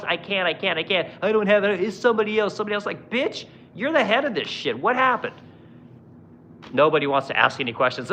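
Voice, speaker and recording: Profane, exasperated livestream host, lively pitch. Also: male voice, a little hiss or hum. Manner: profane, exasperated ranting with mocking quoted voices. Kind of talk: ranting political livestream commentary.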